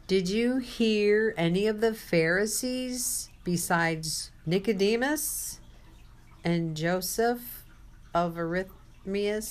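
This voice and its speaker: This woman's lowish voice carries a testimony in the style of a sermon. She tells a personal story, quotes dialogue, and speaks straight to whoever is listening.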